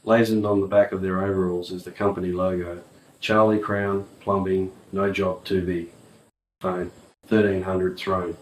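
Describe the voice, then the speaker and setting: Aussie guy reading an audiobook, low voice, roomy sound. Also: flat delivery, normal speed. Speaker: audiobook narrator. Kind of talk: audiobook narration. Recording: roomy, distant mic.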